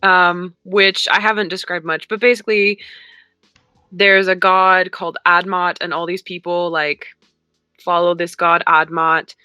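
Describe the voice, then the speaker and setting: A young woman co-hosts a casual podcast chat, talking slowly and filling her pauses with ums. Her voice sits a little low but sounds bright. The recording is dry, with faint music behind her. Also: flat delivery, clean tone, dry recording. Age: young adult. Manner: hesitant, many ums, slow retelling. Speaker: podcast co-host.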